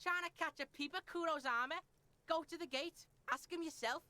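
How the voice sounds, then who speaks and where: A man's voice: very high voice, fairly quick, background noise, voice pushed up. A man voicing a foul-mouthed, boastful young boy from a video game who swears constantly and talks about himself in the third person. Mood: brash. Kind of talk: reading video game dialogue aloud.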